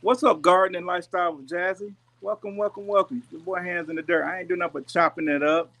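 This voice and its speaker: A man talks to his live-stream viewers in an easygoing, folksy drawl, speaking straight to the people watching. He sounds relaxed and unhurried, as if chatting with friends while on the road. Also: high-pitched. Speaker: YouTube gardening channel host. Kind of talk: casual live-stream chat. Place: rented house with pool and jacuzzi. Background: pool and jacuzzi noise.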